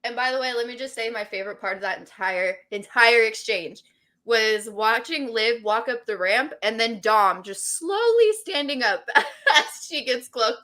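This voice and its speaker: A woman co-hosting a casual podcast, telling the week's wrestling drama in an excited, gossipy way. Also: on the high side, normal speed. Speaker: podcast co-host. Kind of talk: casual wrestling recap chat.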